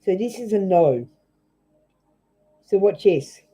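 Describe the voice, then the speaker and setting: A woman's voice: mid-range voice, animated, slow pace, warm tone, breathy edge, faint music behind, rough recording. A woman with an Australian accent doing a live tarot reading, blunt and scolding, swearing freely as she talks to viewers. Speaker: tarot reader.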